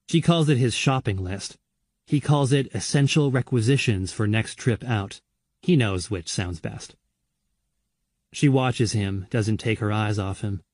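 Dry measured male horror narrator. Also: medium pitch, a little mellow, no room sound. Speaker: audiobook narrator.

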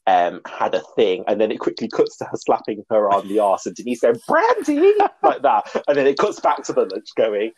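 Male podcast co-host, lowish husky voice, dry close sound, gossipy chatter. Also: fairly quick, few pauses, a little mellow, no room sound. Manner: chatty, gossipy, acts out quotes. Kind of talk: casual chat recapping a reality show.

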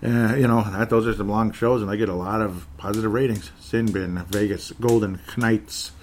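A man's voice: on the low side, steady tone, moderate pace. A man hosting a sports talk show, chatting casually and reading out listener comments, often rambling, correcting himself and laughing. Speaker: sports podcast host.

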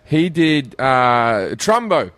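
A man's voice: medium pitch, big pitch swings, drawn-out words, fairly bright tone, no room sound. An Australian man, a comedian guest, telling rambling, profane stories in a casual podcast chat, drifting off the mic at times. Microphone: studio mic, sometimes off it.

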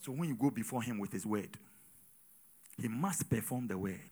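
A man preaching a sermon with call-and-response, swinging between loud exhortation and quiet asides. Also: medium pitch, lively intonation, normal speed, breathy edge. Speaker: pastor.

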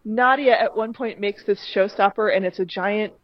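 A woman's voice: medium pitch, normal speed, no room sound, highs cut off. A woman chatting on a podcast, enthusiastic and laughing often. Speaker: podcast guest. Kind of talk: casual chat.

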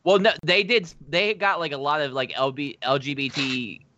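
A man co-hosting a casual podcast chat, talking in an animated, questioning way. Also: fairly high pitch, moderate pace, lo-fi sound, slight background noise. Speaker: podcast co-host.

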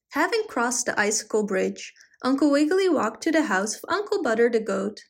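A woman reads a children's story aloud with an expressive, storytelling lilt. Her voice sits somewhat high for a woman. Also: normal speed, gravelly, hardly any pauses.

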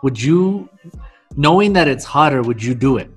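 A man hosting a casual video call chat, chatty and quick to laugh. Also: mid-range voice, expressive, soft background music. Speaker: host.

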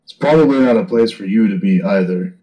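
Low, mellow-voiced tabletop player. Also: male voice, fairly quick, rough recording. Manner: steady, reasoning, firm. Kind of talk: in-character tabletop game talk.

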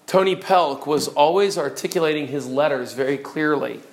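A middle-aged man lecturing on preaching delivery, demonstrating examples and varying his loudness for effect. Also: fairly high pitch, fairly even intonation, moderate pace. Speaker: preaching instructor.

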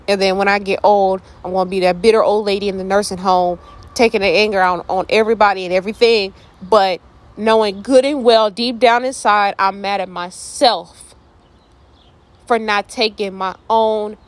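Playful woman reading and riffing on scripture. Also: medium pitch. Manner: playful, jokey asides while reading scripture; reflective, earnest when applying the passage. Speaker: Bible study host. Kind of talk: casual Bible study talk.

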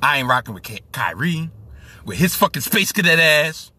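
A man's voice: on the high side, very animated, normal speed, pushed and bright, husky, dry recording. A man from Brooklyn with a New York accent, hosting a solo podcast and ranting profanely about sports. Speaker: podcast host.

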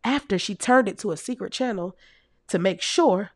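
Profane, animated woman in her thirties. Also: mid-range voice, moderate pace. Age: 30s. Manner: profane, animated, laughs often. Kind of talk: casual comedic storytelling.

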